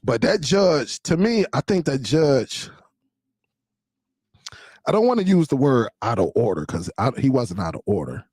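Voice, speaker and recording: A man's voice: medium pitch, big pitch swings, measured pace, darkish tone, husky, no room sound. A man hosting a casual live-stream show, talking loosely to his viewers and laughing often.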